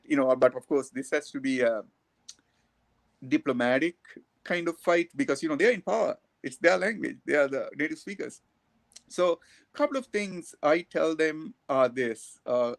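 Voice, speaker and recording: A man gives an academic answer at a panel. His voice has a gravelly edge, and the sound is dry and close. He speaks in an animated way and chuckles between points. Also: medium pitch, no echo. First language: Tamil.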